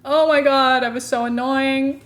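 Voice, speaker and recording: A woman's voice: high-pitched, steady tone, measured pace. A young woman streamer chatting casually, giggling often and poking fun at herself. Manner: giggly, self-mocking, chatty. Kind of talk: casual live-stream commentary.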